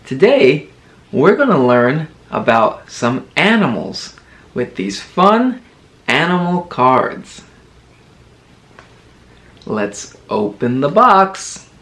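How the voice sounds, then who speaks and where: A man teaching toddlers in a children's educational video, talking in a slow, exaggerated, encouraging sing-song and playfully imitating animal sounds. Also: on the high side, very animated, a bit bright. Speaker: teacher and kids' entertainer.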